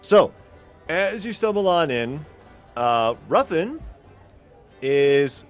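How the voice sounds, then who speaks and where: A man's voice: fairly high pitch, sing-song, slow pace, faint music behind. Rambling, casual male game master. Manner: rambling, thinking aloud. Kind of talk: casual tabletop game narration.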